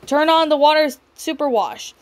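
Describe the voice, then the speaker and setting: A woman's voice: high-pitched, animated, moderate pace, pitched above the performer's own voice. A woman doing a panicked young boy. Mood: urgent. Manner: panicked, pleading, wailing. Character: frightened young boy turning into cats. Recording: music playing underneath.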